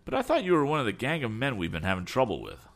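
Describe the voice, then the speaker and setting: A man voicing an alert, eager young male inventor, lifting his voice brisk and youthful in a storybook reading. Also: mid-range voice, huge pitch swings, creaky, pitched above the performer's own voice, exaggerated voice.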